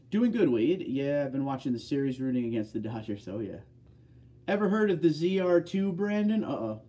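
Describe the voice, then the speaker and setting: A chatty man from the northeastern United States hosts a casual livestream and answers viewers' comments one by one. His voice sits a bit high with a mellow, dark tone. It sounds distant, as if he is sitting back from the microphone. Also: breathy edge. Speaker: livestream host.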